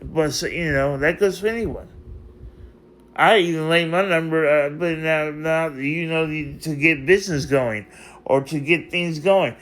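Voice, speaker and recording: This man's voice is slightly high, a touch slow, and somewhat bright. Speaking off the cuff for a vlog, he addresses an absent person with rambling emotion, repeating the same phrases again and again.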